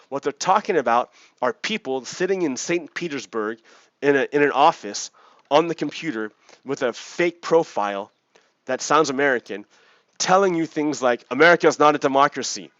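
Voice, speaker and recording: A man hosting a casual commentary vlog, talking in an animated way and often checking in with "right?". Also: medium pitch, no echo, highs cut off. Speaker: vlog host.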